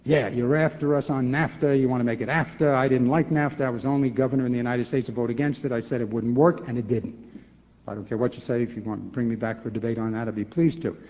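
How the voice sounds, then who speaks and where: A man's voice: medium pitch, fast talker. Older guy answering questions, acts out both sides, stumbles on repeated words, roomy hall, muffled old recording. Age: 60s. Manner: animated and rhetorical, acts out both sides of dialogues; repeats words when restarting. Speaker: former governor as forum speaker. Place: large lecture hall. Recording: echoey hall, dull lo-fi tape.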